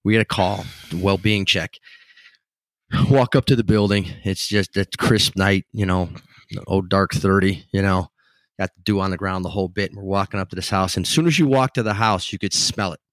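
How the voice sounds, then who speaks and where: A male podcast co-host, a former police canine handler, telling a story in a relaxed, unhurried way in casual chat. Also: deep voice, dry recording.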